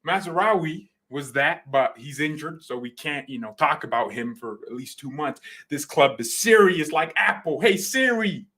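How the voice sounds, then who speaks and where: A man hosting a football fan channel, talking in an excited, joking way and sometimes shouting. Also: on the high side, moderate pace, hardly any pauses. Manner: hyped and joking, shouting at times. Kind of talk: excited casual commentary.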